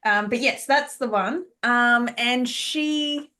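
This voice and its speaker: A woman's voice: a little high, slow, pushed and bright. A woman co-hosting a podcast in casual chat, chatty and laughing, often searching for words. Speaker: podcast co-host.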